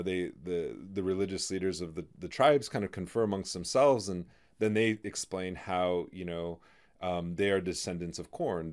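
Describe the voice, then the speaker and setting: A man hosting a podcast, talking through ideas in a halting way, full of fillers and restarts. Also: deep voice, clear, resonant tone. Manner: halting, many "you know" fillers and restarts. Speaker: podcast host. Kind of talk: in-depth conversational discussion.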